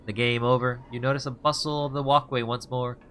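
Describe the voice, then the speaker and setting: A man's voice: mid-range voice, flat delivery, a little fast, fairly bright tone, a little hiss or hum. A man playing a video game, reading its story text aloud and musing to himself in an offhand, casual way. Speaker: let's play streamer.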